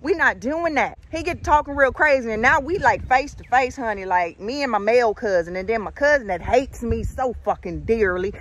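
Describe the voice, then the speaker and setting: A woman in her thirties telling a story in a casual vlog outdoors, animated and profane, calling viewers honey and y'all. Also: fairly high pitch, normal speed, hardly any pauses. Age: 30s.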